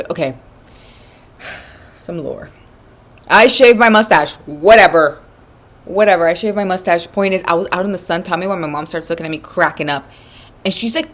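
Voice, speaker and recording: Twenties woman vlogger, lower-pitched, rambling animated storyteller. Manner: chatty, animated storytelling with lots of fillers. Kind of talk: casual storytime while doing makeup.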